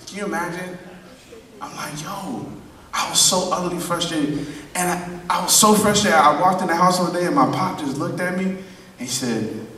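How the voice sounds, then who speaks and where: Animated man telling stories in an echoey hall. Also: high-pitched, normal speed, recorded from a distance. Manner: animated, acts out quotes, laughs often. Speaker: drummer giving a clinic talk. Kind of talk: live storytelling to an audience. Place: large hall at a drum event.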